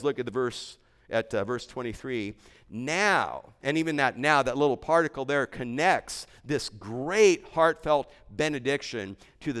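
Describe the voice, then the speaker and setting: A man preaching with earnest emphasis, his voice smooth and resonant as it rings through a church sanctuary with a long hall reverb. He builds his points through repetition and steady conviction. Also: mid-range voice. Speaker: pastor. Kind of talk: sermon.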